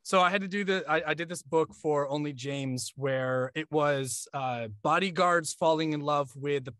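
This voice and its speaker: A man from New York chats on a podcast, joking and swearing freely. His voice sits a bit high. The mic is dry, with no room sound. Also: normal speed, clean tone, no room sound. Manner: joking, profane, animated. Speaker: podcast co-host, audiobook narrator. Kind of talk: casual podcast chat.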